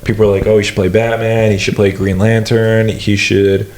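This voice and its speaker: A man's voice: fairly low pitch, flat delivery, normal speed, a little mellow. Rambling young man in an echoey room. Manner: rambling, hesitant, many fillers. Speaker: podcast co-host. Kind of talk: casual comedy podcast chat. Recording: echoey room, faint noise.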